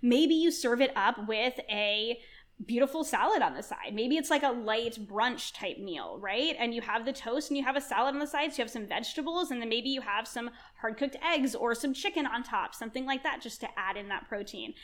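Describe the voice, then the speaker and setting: A woman's voice: on the high side, lively intonation, a little fast, a bit bright. A woman chef talking enthusiastically in a podcast interview, rambling on and asking herself questions as she goes. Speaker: chef and culinary nutrition guest.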